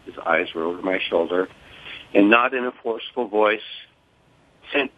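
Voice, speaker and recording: An older man speaking in a measured, formal way as a guest on a phone interview. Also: low-pitched, dry recording. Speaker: guest, father of a fallen soldier. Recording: tinny phone line.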